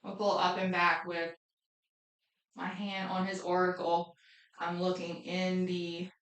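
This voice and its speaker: A woman's voice: medium pitch, fairly bright tone. A woman methodically narrating a physical exam demonstration, listing findings aloud with occasional ums. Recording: echoey room.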